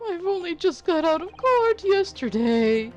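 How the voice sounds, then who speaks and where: Woman putting on a shrill, outraged mustached man. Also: sing-song, a little slow, a little mellow, lo-fi sound, exaggerated voice. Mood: self-pitying. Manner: shrill and exasperated outbursts. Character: excitable indignant man with a mustache.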